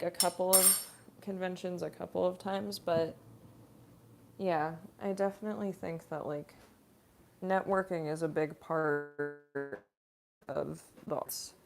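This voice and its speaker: Slow-talking chatty young woman. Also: fairly low pitch, gravelly. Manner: chatty and rambling, many fillers; giggly. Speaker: voice actress streamer. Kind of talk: casual livestream Q&A.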